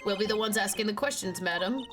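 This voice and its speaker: A woman reading as a stern male prosecutor, formal, measured, game music behind. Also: medium pitch, natural voice.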